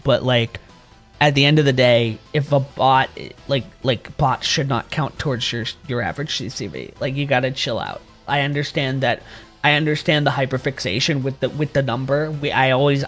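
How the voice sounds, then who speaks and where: A man's voice: medium pitch, fairly bright tone. A man streaming and chatting casually with viewers, rambling, swearing freely and laughing often.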